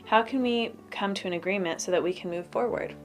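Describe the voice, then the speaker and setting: A woman's voice: medium pitch, fairly quick, soft background music. A woman reading a listener's question aloud in a plain, read-aloud way.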